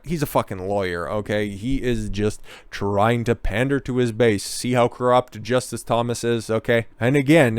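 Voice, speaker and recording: A man's voice: on the low side, clean tone, no room sound. A man giving heated, profane and sarcastic political commentary, reading out news and then ranting back at it.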